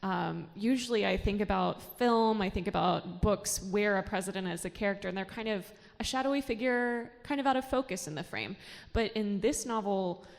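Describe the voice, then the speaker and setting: A woman's voice: mid-range voice, moderate pace, creaky. Woman interviewer in a reverberant hall. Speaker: library event host, interviewer. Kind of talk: interview questions.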